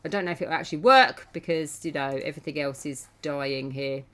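A woman, chatting excitably through a game stream, laughing often and scolding the characters. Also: low voice, fairly quick, very noisy. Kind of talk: casual gameplay commentary. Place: home.

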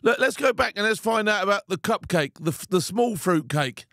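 A man's voice: sits high, lively intonation, normal speed, fairly bright tone. A man hosting a casual interview podcast, joking and teasing his guest, often repeating words as he starts a thought. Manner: teasing, jokey, repeats himself. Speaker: podcast host.

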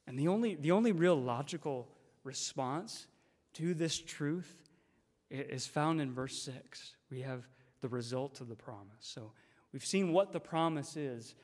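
A man's voice: a little high, expressive, unhurried, a little mellow. A man preaching a sermon as a guest speaker, emphatic and repeating phrases for stress. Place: church sanctuary. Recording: long church reverb.

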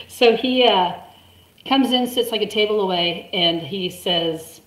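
A woman's voice: medium pitch, takes it slowly, long pauses. A woman in her forties telling a story in casual chat, chatty and laughing often. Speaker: guest. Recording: roomy echo.

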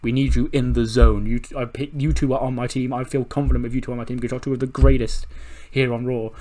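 A man's voice: mid-range voice, flat delivery, quick pace, warm tone, lightly acted. A man voicing a male wrestler who urgently rallies his distracted teammates before a match.

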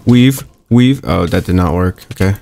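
A young man giving casual, upbeat commentary while playing a video game, thinking aloud with quick exclamations. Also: deep voice, lively intonation, vocal fry, a little mellow. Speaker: gaming YouTuber.

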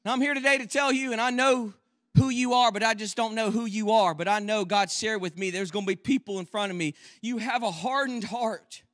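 A man preaching a sermon in a church as a guest speaker, with impassioned passages that swell into shouts and quieter, quick joking asides. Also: high-pitched.

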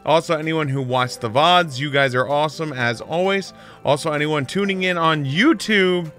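A man's voice: fairly high pitch, pushed and bright. A man chatting casually while streaming a game live, offhand and swearing at the game now and then.

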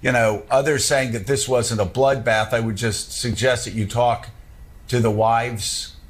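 A man's voice: mid-range voice, fairly even intonation, measured pace. A man speaking earnestly and emphatically as a cable news panelist. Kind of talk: broadcast political commentary.

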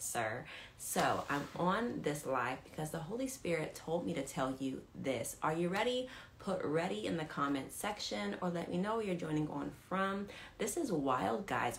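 A woman hosting a casual faith livestream, greeting viewers by name and telling a story in a chatty, excitable way. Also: low-pitched, gravelly, a little hiss or hum. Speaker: livestream host and ministry leader.

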